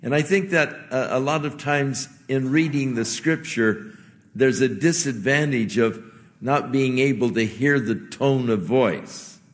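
Slow-speaking pastor in a reverberant hall. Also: male voice, medium pitch. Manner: gentle, conversational preaching with earnest pauses. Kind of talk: sermon.

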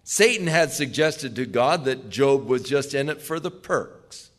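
Slow, lively older male preacher. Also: mid-range voice. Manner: earnest, emphatic, questioning the listeners. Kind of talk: sermon.

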